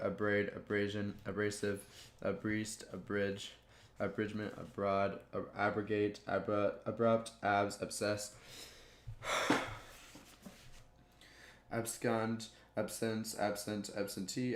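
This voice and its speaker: Male YouTuber, flat delivery, rattles off a word list, slips and laughs, roomy sound. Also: on the low side, slow. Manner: monotone word list with stumbles and chuckles. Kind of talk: reading dictionary words aloud.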